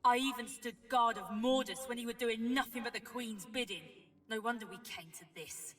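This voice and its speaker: An actress playing a bitter, sharp-tongued female dwarf ghost in a video game. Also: a little high, moderate pace, natural voice. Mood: scornful. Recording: game audio, heard from a distance.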